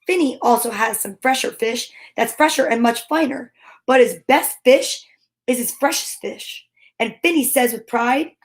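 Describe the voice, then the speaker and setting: A comedian with a high, bright voice reads a rhyming picture book aloud for laughs. Her reading has a sing-song lilt, and between verses she keeps slipping into hushed, nervous asides.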